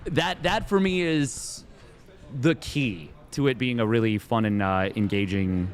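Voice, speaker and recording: A young man co-commentating a live esports match, restarting his sentences often and shouting when the action peaks. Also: mid-range voice, a little slow. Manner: lively, stammering restarts, big excited shouts. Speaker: esports co-caster.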